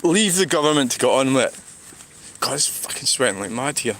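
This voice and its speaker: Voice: medium pitch, animated, normal speed, a bit bright. A speaker with a Scottish accent, rambling and sighing through a walking livestream outdoors beside a road. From Scotland. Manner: rambling, sighing, restarts thoughts. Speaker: vlogger.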